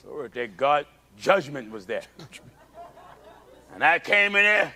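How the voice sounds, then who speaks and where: Pastor, male; bright, forceful sermon delivery with wide swings. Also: slow pace. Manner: animated preaching, acts out childhood prayers in high cries.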